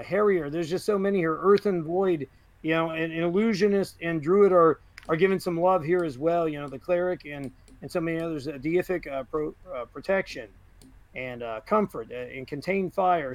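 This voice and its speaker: Podcast co-host, male, high voice, loose and rambling, dry studio sound. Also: no echo. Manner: rambling, many fillers and restarts. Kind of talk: casual chat reviewing a game book.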